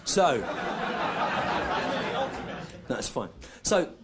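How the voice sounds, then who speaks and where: A man doing a stand-up comedy routine on stage. He is deadpan and digressive and repeats his own lines on purpose. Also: medium pitch. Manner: deadpan, digressive, deliberately repetitive. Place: comedy stage before a live audience. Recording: live recording with clear background noise.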